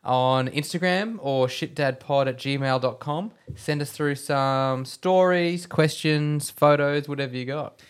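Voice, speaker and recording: Upbeat podcast host. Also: male voice, on the high side, unhurried, few pauses, smooth. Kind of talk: casual chat, leading the discussion.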